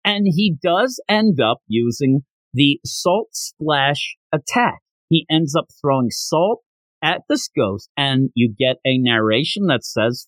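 A man's voice: medium pitch, no echo. A man hosting a podcast, reviewing a manga in a casual chat and retelling scenes with lots of fillers.

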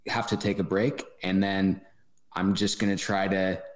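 Low-voiced man, reflective and halting. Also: flat delivery. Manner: thoughtful, halting, many restarts. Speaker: running club president, guest. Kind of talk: casual podcast interview. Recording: roomy echo.

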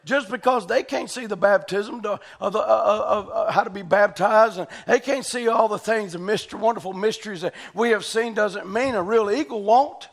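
Male preacher, very high and gravelly, fervent sermon delivery. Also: moderate pace, few pauses. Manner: fervent shouting with sudden quiet stretches.

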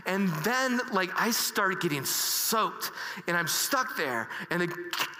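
A man's voice: high-pitched, very animated, sharp tone, slight background noise. Earnest man telling a story in a hall. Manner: halting, many restarts and fillers; earnest and emotional. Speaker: speaker. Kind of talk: personal storytelling talk. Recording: reverberant hall.

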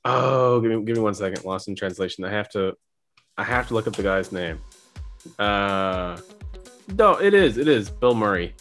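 A man's voice: on the low side, animated, normal speed, fairly bright tone, faint music behind. A young man co-hosting a podcast, talking casually and rambling with lots of filler words. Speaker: podcast co-host. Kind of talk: casual chat.

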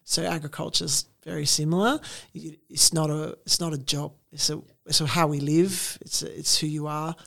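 Gravelly-voiced Australian woman chatting. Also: low-pitched, fairly even intonation, moderate pace, a bit bright. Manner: chatty, many fillers, laughs often. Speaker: guest. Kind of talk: casual interview chat.

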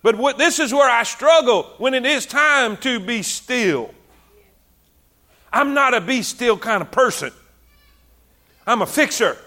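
A man's voice: very high voice, expressive, a little slow, long pauses, bright, forceful tone. A male preacher giving a fervent, conversational sermon full of repetition, often stumbling over his words as he builds.

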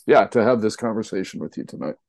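Male radio host, dry studio sound; appreciative, halting interviewer. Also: lowish voice, vocal fry, a little mellow, no echo. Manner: appreciative, halting with fillers and restarts.

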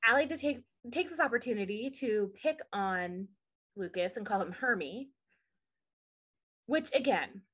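A woman's voice: medium pitch, animated, measured pace, pauses often, a bit bright, husky. A woman co-hosting a podcast, chatting casually and opinionatedly as she recaps a show, with many asides. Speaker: podcast co-host.

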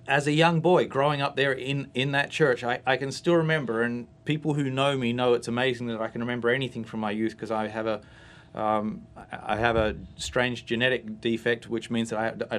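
A man from Australia, a guest giving a storytelling personal testimony on a church talk show. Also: mid-range voice. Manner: storytelling, acts out voices in his anecdotes.

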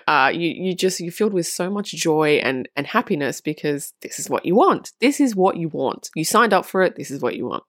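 A woman with a fairly low voice talks straight to her viewers in a casual, earnest monologue. She leans on repetition to drive her points home and drops a swear word now and then. The sound is dry and close, with no room echo. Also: animated, a little fast, few pauses. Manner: earnest and emphatic, repeats phrases for stress. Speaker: spiritual vlogger on twin flames.

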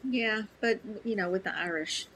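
A woman's voice: medium pitch, moderate pace, fairly bright tone, slight background noise, poor audio. A woman co-hosting a radio show in casual chat, earnest and hesitant, often repeating her words. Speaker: radio co-host.

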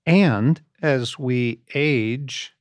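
A man's voice: medium pitch, extremely slow, no room sound, studio quality. A man co-hosting a casual conversation, chatty and encouraging. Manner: encouraging, chatty, laughs easily. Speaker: podcast co-host.

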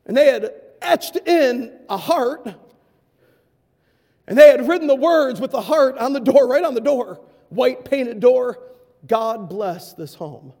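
A male preacher telling a story in a sermon, swinging from shouting passion to hushed quiet. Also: very high-pitched, a little slow, vocal fry. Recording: long hall reverb.

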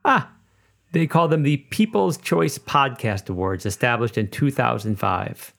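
A man's voice: mid-range voice, measured pace, creaky, fairly bright tone. A man with a Midwestern accent hosting a podcast in a casual, jokey, self-deprecating monologue. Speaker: podcast host.

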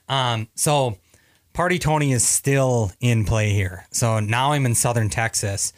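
A man's voice: mid-range voice, slow pace, no echo, studio quality. A man from Minnesota, a Navy veteran guest, telling stories casually with many fillers and restarts. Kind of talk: casual storytelling interview.

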